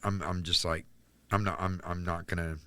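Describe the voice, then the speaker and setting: A man from North Carolina telling a candid personal story as a podcast guest, halting with restarts and fillers. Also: deep voice, level tone, a bit bright. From North Carolina, United States.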